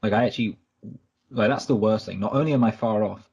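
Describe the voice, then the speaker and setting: Male podcast co-host, husky and a touch low, rambling and self-correcting, lo-fi recording. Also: quick pace, darkish tone. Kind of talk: casual podcast chat.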